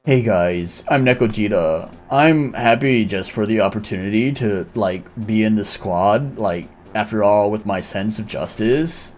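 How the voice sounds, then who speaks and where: A streamer voicing a shy young cat-girl recruit who mumbles haltingly through game dialogue. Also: mid-range voice, darkish tone, soft background music, close to an everyday voice. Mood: shy mumbling. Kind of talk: reading game dialogue aloud.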